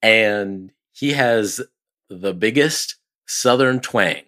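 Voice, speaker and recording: Podcast co-host, man, lowish voice, chatty, laughs easily. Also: extremely slow, a bit bright. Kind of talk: casual sports podcast chat.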